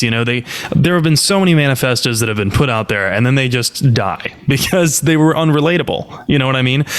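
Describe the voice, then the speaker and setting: Male co-host, smooth resonant voice, relaxed lore storyteller, dry wit. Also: mid-range voice. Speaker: podcast co-host. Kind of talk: casual podcast chat, explaining lore.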